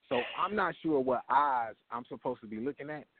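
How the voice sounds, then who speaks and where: A man's voice: medium pitch, breathy edge, no echo, narrow, tinny audio. A man at an open mic line, telling a profane comic story and acting out the voices in it over the phone. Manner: animated, acts out voices in his story. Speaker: open mic comedian calling in.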